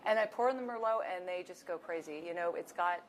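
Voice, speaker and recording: A woman who serves at a winery tasting bar, telling lively stories and acting out her customers' voices. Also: fairly low pitch, quick pace, slight background noise. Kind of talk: anecdotal storytelling.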